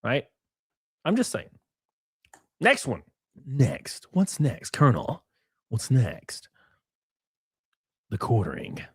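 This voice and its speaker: A man's voice: medium pitch, takes it slowly, long pauses, breathy edge, no echo, studio quality. A man hosting a live stream, reading tweets aloud with sarcastic, profane commentary and calling everyone "brother". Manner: animated, sarcastic, profane, keeps saying "brother". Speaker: streamer host.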